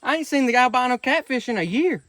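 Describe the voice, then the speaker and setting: A man, vlogging by a pond while fishing, easily excited and gushing when something surprises him. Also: very high-pitched, fast, no room sound. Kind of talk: casual outdoor fishing vlog. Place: outdoors by a pond.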